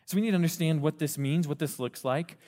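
Youth pastor, male, slightly high voice, lively preaching with acted-out asides, long hall reverb. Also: fast. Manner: animated, acts out quoted voices of parents and teens. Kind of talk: sermon.

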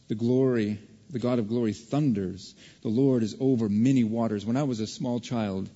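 A man preaching a sermon as a pastor, telling a childhood story in an animated way and acting out other people's voices. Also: medium pitch, slightly rough. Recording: dull, reverberant hall recording.

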